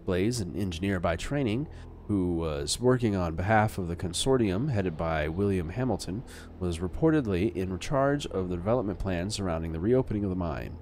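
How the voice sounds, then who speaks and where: A man puts on a stiff male TV newscaster, reading in a raised, formal announcer style. The voice sits low and even. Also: normal speed, a little hiss or hum.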